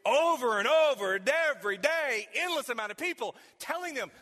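A man's voice: high voice, sing-song, normal speed, hardly any pauses, pushed and bright. A man preaching a sermon, talking emphatically to the congregation and asking them questions directly. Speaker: pastor. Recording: long hall reverb.

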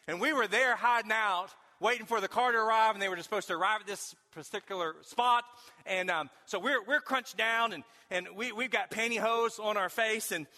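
A man preaching a sermon in a high, bright voice. He swings from folksy storytelling to emphatic, shouted questions. His voice rings out with a long reverb, as if he were in a large hall. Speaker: pastor.

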